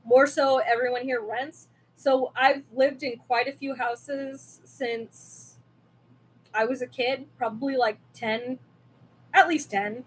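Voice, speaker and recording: A woman's voice: high voice, fairly even intonation, takes it slowly, a little hiss or hum. A young woman from California chatting casually and rambling with lots of fillers while hosting a crafting livestream from home on a desk mic. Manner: rambling and chatty, with many fillers and self-asides. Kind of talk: casual live-stream chat. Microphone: desk mic with webcam.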